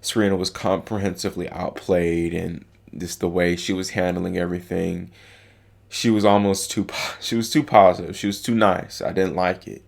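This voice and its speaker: Deep and gravelly, this tennis vlogger's voice stays fairly flat in pitch and moves at a normal speed. Speaking informally to camera, he meanders with lots of false starts and fillers, sincere and visibly affected by the subject.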